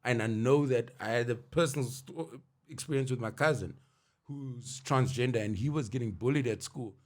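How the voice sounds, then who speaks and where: Animated man telling stories on a podcast. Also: mid-range voice, moderate pace. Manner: animated storyteller, laughs often. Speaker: podcast co-host. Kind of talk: casual chat.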